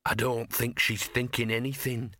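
A man's voice: mid-range voice, level tone, moderate pace, bright, forceful tone, no room sound, natural voice. A man reading an audiobook, voicing a scruffy, cynical talking male dog with dry, grumbling wisecracks. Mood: wry grumbling.

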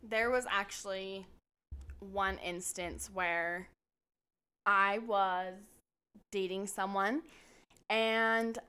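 A woman co-hosting a podcast, telling a story in a lively, emphatic way and swearing casually. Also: mid-range voice, drawn-out words, pauses often, smooth. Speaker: podcast co-host.

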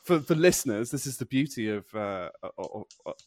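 A man's voice: mid-range voice, lively intonation, brisk, a little mellow, a little hiss or hum. A young man with a nerdy, nasal voice, co-hosting a podcast in casual chat and laughing often. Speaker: podcast co-host. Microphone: close desk mic.

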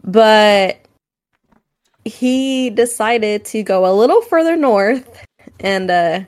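A woman's voice: mid-range voice, slow pace. A young adult woman co-hosting a podcast, telling frank personal stories in casual chat, with many "like"s and "um"s. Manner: candid storytelling, frequent "like" and "um". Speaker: podcast co-host.

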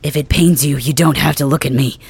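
A performer voicing a stubborn, wounded young male dragon king in an ASMR role-play, gruff and brusque, swearing through the pain. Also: medium pitch, fairly even intonation, brisk.

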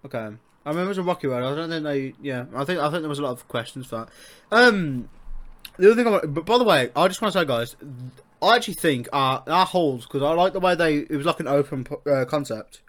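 A young man from England is hosting a casual podcast, chatting with an old friend. He swears constantly and laughs a lot as they banter. His voice sits a touch high for a man. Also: lively intonation, quick pace, a bit bright. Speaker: podcast host. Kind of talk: casual chat.

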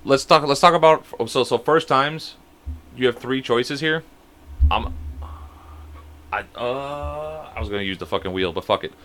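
A man's voice: medium pitch, a little slow, long pauses, a bit bright. A young man co-hosting a podcast, chatting casually and swearing freely. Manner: loose, profane, joking. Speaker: podcast co-host. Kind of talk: casual chat.

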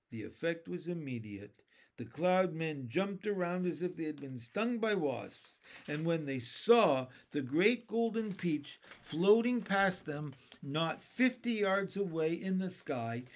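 A man reading a children's novel aloud, deliberate and expressive. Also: a little high. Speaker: storyteller.

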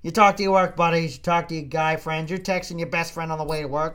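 A man's voice: a little high, steady tone, fast, few pauses, a bit bright, clear, resonant tone. A man from Maine doing a profane comedic rant, exasperated and swearing, often repeating himself. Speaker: comedic storyteller.

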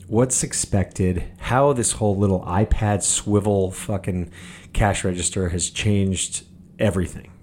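A podcaster who once worked as a bartender in Los Angeles rants about current events in a casual, profane monologue, angry and mocking. His voice is deep, steady, unhurried and a little mellow, with slight background noise.

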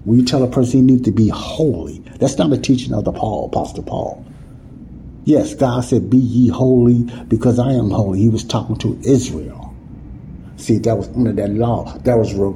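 A man's voice: on the low side, warm tone, a little hiss or hum, rough recording. A man teaching the Bible in an informal sermon, talking casually with folksy grammar and often asking if listeners see what he's saying. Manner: repetitive, keeps asking "you see what I'm saying?".

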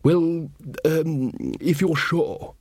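A man's voice: on the high side, steady tone, extremely slow, a little mellow, no room sound, studio quality, pitched above the performer's own voice. A man voicing a nervous, earnest young king who talks in a hesitant, anxious way.

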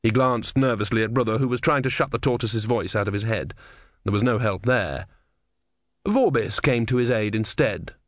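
A man reading an audiobook in measured, dry storytelling narration. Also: fairly low pitch, dry recording. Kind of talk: scripted narration.

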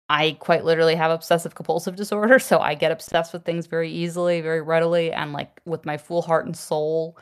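A woman's voice: sits low, clear, resonant tone. A woman co-hosting a podcast in casual chat, laughing often and poking fun at herself. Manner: laughs often, chatty and self-deprecating. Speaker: podcast co-host.

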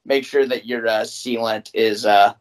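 A man's voice: on the low side, measured pace. A young man co-hosting a podcast, ranting with frequent swearing in casual chat. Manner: ranting, profane, animated. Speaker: podcast co-host.

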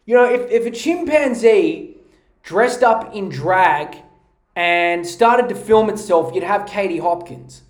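A man's voice: high voice, animated, slow, echoey room. A man hosting a podcast, ranting in a mocking, profane comedic style on a podcast mic. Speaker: podcast host.

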